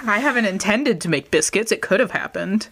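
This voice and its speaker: A woman co-hosting a casual chat, relaxed, chiming in with short remarks. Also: mid-range voice, brisk, a crowd in the background.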